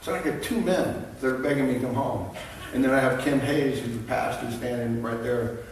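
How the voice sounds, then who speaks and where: A man's voice: medium pitch, slight background noise. Man giving testimony in an echoey hall. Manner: halting, emotional storytelling with many restarts. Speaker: conference speaker. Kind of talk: testimony speech to a crowd. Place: large conference hall. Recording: echoey hall, heard from a distance.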